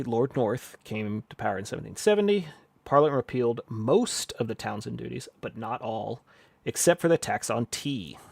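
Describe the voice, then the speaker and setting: A man reads history text aloud on a casual stream, breaking off to mutter and swear as he types notes. His voice sits at a middle pitch with a gravelly, creaky edge. The sound is close and dry, with keyboard clicks behind it. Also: no echo. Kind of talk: casual live-stream reading and note-taking.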